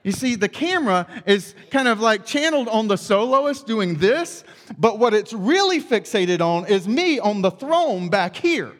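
High-voiced man preaching in an echoing hall. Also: a little slow. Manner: animated, self-deprecating humor. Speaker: pastor. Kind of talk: sermon with personal storytelling. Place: church auditorium.

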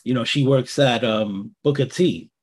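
A man's voice: mid-range voice, measured pace, darkish tone, slightly rough. An older man co-hosting a casual radio chat, telling family stories in an easygoing way and chuckling as he talks. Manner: easygoing storyteller, chuckles while talking. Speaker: radio co-host.

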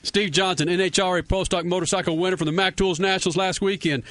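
A man's voice: high-pitched, steady tone, quick pace, a bit bright, no room sound. A man hosting a motorsports radio show, brash and joking, also reading ads. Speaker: radio host.

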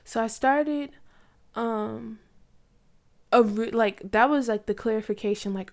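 A woman's voice: a little high, measured pace, long pauses, a little mellow. A woman in her twenties casually telling a personal faith story, chatty, with lots of likes and you knows. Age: 20s.

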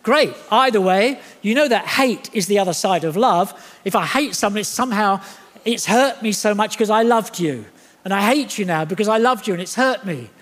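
A man preaching a sermon in church, animated and jokey, acting out the voices he quotes. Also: high voice, moderate pace. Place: church hall. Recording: long hall reverb.

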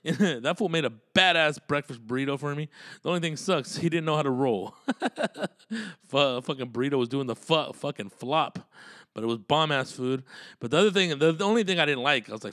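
A man's voice: medium pitch, expressive, a little fast, a bit bright, no echo, clean studio sound. A man telling road stories in a casual, profane, rambling monologue and laughing often.

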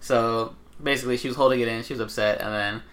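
A young man hosting a casual podcast, telling a story in an animated way, mimicking others in high voices and swearing freely. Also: quick pace. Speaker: podcast host.

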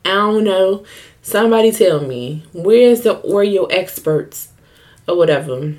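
Her voice is mid-range and darkish, expressive and a little slow. A young woman hosting her own podcast, she chats alone in a casual, joking, storytelling way, candid and profane.

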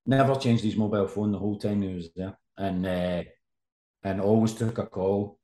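Male journalist guest, low voice, rambling anecdotes, roomy echo. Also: steady tone, normal speed, mellow. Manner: rambling, storytelling with restarts. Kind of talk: casual anecdote telling.

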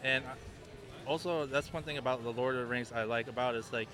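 A man's voice: medium pitch, quick pace. A man being interviewed at a convention booth, rambling and hesitant with many restarts. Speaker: guest, booth helper.

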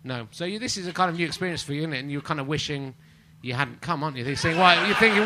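A man in his forties hosting a live comedy podcast, rambling and self-mocking, prone to sudden shouting. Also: fairly high pitch, expressive, fast talker, few pauses, a little hiss or hum. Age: 40s. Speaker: podcast host. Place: live venue with audience.

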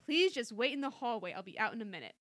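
A woman's voice: a little high, expressive, fast talker, fairly bright tone. A woman voicing a wry, easily embarrassed young woman who sounds exasperated with her mother.

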